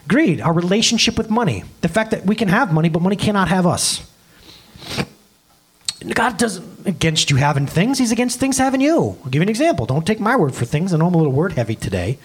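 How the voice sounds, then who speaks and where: Male pastor, thirties, casual animated sermon, fairly high husky voice. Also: fairly quick. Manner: animated, conversational preaching with acted-out quotes.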